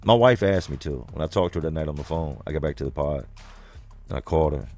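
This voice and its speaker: A man's voice: a bass voice, fast talker, a little mellow, faint music behind. A man hosting a livestream, telling a story to his viewers in a blunt, profane, conversational way. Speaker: livestream host reading comments.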